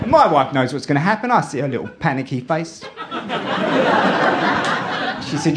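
A man's voice: on the high side, big pitch swings, moderate pace, long pauses, heavy background noise. A middle-aged man doing live stand-up, telling stories in a wry, exasperated way. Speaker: stand-up comedian. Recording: loud audience laughter from a live show. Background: audience laughing.

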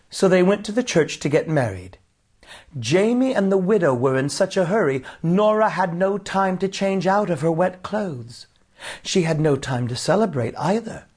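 A man narrating a children's storybook in an expressive, unhurried way. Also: on the high side, husky. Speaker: audiobook narrator.

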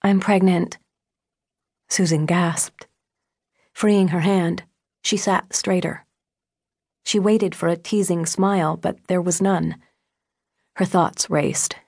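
A woman narrates an audiobook in a measured, intimate way. Her voice is low and husky, and she speaks at an unhurried pace. The close studio mic gives a dry sound. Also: fairly even intonation, darkish tone, no echo. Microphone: close studio microphone.

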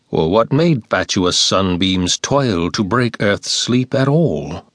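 Slow, solemn male poetry reader. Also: lowish voice, animated, fairly bright tone, dry recording, clean studio sound. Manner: slow, measured, solemn recitation. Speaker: audiobook narrator. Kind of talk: scripted poetry reading.

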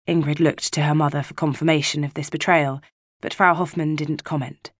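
A woman narrating a novel as an audiobook reader, measured and even, close to the mic. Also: sits low, dry recording. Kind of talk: scripted narration.

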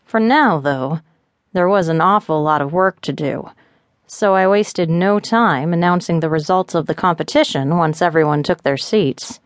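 A woman narrates an audiobook in a steady, even storytelling manner. Her voice is fairly low for a woman. The recording is dry and close, with no room echo. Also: moderate pace.

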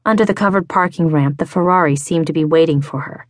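A woman narrating a romance audiobook in a measured, even way, read into a close studio mic in a recording booth. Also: low voice, no room sound. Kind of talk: scripted narration.

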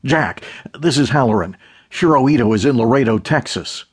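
A man narrating an audiobook voices a frightened male agent who talks in a hurried, nervous way. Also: lowish voice, animated, a little mellow, slightly rough.

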